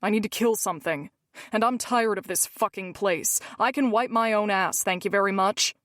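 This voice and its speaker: A woman's voice: mid-range voice, moderate pace, fairly bright tone, no room sound, clean studio sound, close to an everyday voice. A woman voicing a wounded, vengeful mafia man with an angry, hard-edged manner. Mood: furious.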